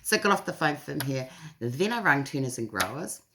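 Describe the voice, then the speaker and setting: A middle-aged woman with a New Zealand accent, telling her day in a chatty video diary with a lively, laughing manner. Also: a bass voice, a little fast, noisy background. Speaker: vlogger. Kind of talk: casual spoken diary.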